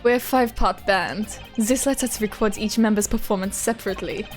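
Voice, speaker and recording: A woman's voice: mid-range voice, brisk, lightly acted. A woman voicing a suave, cocky male rock-star prosecutor with a put-on German accent, over faint game music. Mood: instructive. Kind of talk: reading game dialogue aloud on stream.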